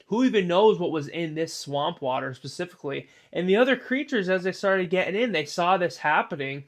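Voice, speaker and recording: A man with a slightly high voice narrates a spoken story off the cuff. He rambles and keeps adding "you know" asides as he goes. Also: expressive, fairly quick.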